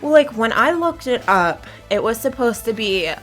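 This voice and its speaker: A woman's voice: on the high side, animated, moderate pace, fairly bright tone, soft background music. A woman co-hosting a video game playthrough, chatting casually and telling rambling stories. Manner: chatty, rambling storyteller who laughs often. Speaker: let's play co-host. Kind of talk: casual chat over gameplay.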